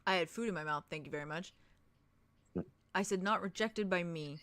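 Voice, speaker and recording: A woman voicing a quiet, brooding man with glowing amber eyes in a tabletop game, speaking low and dry. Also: normal speed, no room sound, lightly acted.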